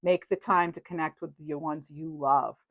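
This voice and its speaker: A woman's voice: sits low, steady tone, moderate pace, a bit bright, no room sound. Chatty woman giving a tarot reading. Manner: chatty, reassuring, rambling with fillers. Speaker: tarot reader. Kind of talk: casual tarot reading to camera.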